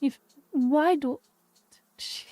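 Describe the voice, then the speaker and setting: Exasperated woman streamer, warm tone. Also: high-pitched, very slow. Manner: exasperated, repeats herself, rants aloud. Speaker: livestream host. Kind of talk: casual livestream chat.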